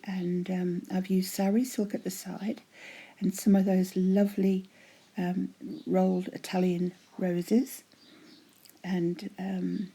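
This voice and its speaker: Gravelly, husky woman showing her crafts. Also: mid-range voice, dark tone. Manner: chatty and gushing, drops to a breathy half-whisper. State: voice going hoarse. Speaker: craft vlogger showing giveaway prizes. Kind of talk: casual show-and-tell.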